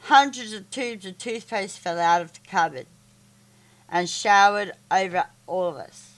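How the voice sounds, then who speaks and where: Slow, halting woman reading a story. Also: medium pitch. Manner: halting reading with stumbles and restarts. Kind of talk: reading a children's story aloud.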